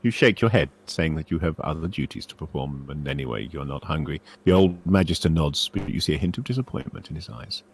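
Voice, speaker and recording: A man narrating a solo gamebook aloud in a steady, measured way. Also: extremely low pitch, breathy edge. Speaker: narrator voicing the book.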